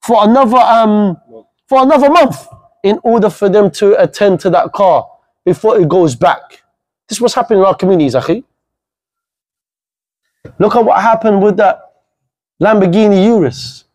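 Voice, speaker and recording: A young man gives an impassioned religious talk to young people. He speaks bluntly and fiercely, with plenty of street slang. His voice sits noticeably high for a man. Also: moderate pace, pauses often, dark tone, rough recording. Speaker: guest speaker.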